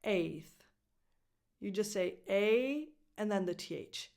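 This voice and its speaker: A woman whose first language is Italian, teaching English pronunciation as a coach and clearly modeling each word. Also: medium pitch, fairly even intonation, a little fast, darkish tone. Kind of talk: pronunciation lesson.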